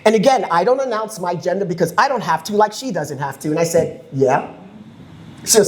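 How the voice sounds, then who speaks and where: A woman on a community panel, telling a story with lively acted-out quotes and frequent laughter. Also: lowish voice, fairly quick, roomy sound, slight background noise. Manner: animated, acts out quoted voices, laughs often. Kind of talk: impassioned panel talk with storytelling. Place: community event hall.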